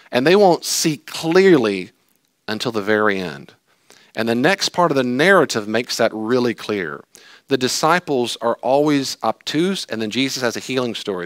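Man, pastor, sermon, animated storytelling, medium pitch, dry close sound. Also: no room sound. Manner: animated, jokey storytelling with acted-out voices.

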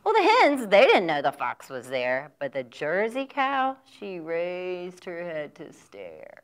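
A woman's voice: lowish voice, huge pitch swings, slow. A woman librarian reading a children's picture book aloud in a sing-song storytelling voice. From from the United States. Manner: sing-song storytelling with animal sound effects.

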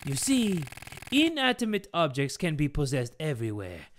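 A man's voice: on the high side, expressive, pushed and bright. Man doing a gloating villainous old father. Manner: slow, gloating, odd put-on accent. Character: scheming old father, cult villain, calm and cruel.

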